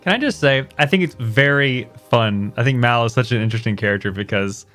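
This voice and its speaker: A man's voice: medium pitch, fairly quick, a bit bright. Chatty man at a game table. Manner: chatty, laughing. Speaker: player. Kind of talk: casual chat.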